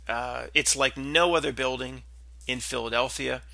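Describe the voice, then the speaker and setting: A man's voice: medium pitch, fairly even intonation, moderate pace, gravelly, sharp tone, dry recording. A man, talking in a rambling, skeptical monologue full of restarts and asides. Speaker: podcast host.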